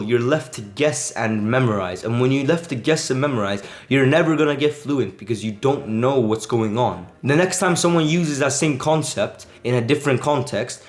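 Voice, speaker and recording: A man coaching Spanish grammar in a casual, emphatic way, repeating himself and restarting phrases as he explains. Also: mid-range voice. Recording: roomy echo with faint music.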